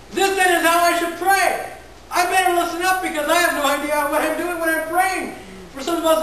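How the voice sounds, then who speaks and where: A woman's voice: extremely high pitch, fairly bright tone, slight background noise. Woman preaching in an echoey church. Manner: repeats words, asks the congregation questions. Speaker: pastor. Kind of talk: conversational sermon. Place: large echoey church hall. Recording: very echoey church hall from far off.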